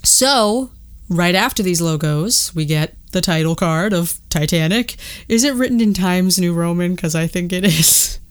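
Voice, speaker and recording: A woman's voice: on the low side, expressive, a little slow, clear, resonant tone. A young woman casually talking through a movie with a co-host, chatty and full of fillers. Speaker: podcast co-host. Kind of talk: casual movie commentary chat.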